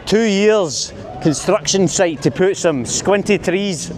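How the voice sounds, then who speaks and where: A man's voice: high voice, animated, slow pace, a little mellow, a faint crowd, a little hiss or hum. A Scottish man vlogging a night walk through a city street, chatty and self-mocking, recorded on a handheld camera mic. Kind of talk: walking-tour vlog narration.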